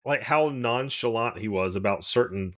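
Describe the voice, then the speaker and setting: Man, fairly low voice, podcast co-host, rambling, opinionated, casual. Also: moderate pace, fairly bright tone. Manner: rambling, opinionated, restarts often. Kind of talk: casual chat.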